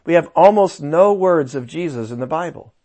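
A man teaching a Bible interpretation class, tired and talking slowly, asking his listeners rhetorical questions. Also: fairly high pitch, expressive, mellow. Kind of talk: lecture.

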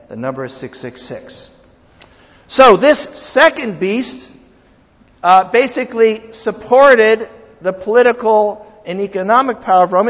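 Pastor, male, high voice, animated sermon delivery with loud peaks and soft asides; dull lo-fi sound ringing in a long hall echo. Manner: animated preaching, swings from loud emphasis to quiet asides.

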